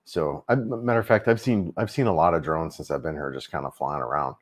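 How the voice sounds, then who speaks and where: A man's voice: rumbling low, fairly quick. A middle-aged man hosting a casual travel livestream, rambling easily with lots of fillers and restarts.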